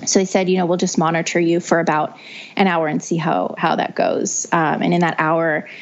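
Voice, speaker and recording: Gravelly young woman, dull lo-fi recording. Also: fairly low pitch, moderate pace. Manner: chatty, with frequent restarts and "you know". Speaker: podcast guest sharing her birth story. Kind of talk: casual storytelling. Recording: dull lo-fi audio.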